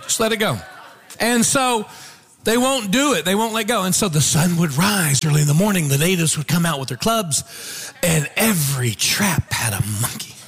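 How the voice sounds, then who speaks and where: Animated preacher, high lively voice. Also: male voice, moderate pace, vocal fry, slightly rough. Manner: animated storytelling with shouts and call-outs. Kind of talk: sermon.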